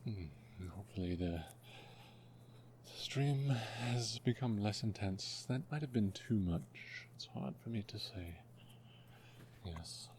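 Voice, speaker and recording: A man making his first ASMR video, talking in a soft, half-whispered voice that is hushed and self-mocking, and often apologizing. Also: fairly low pitch, expressive, slow pace, noisy background. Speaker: ASMR creator.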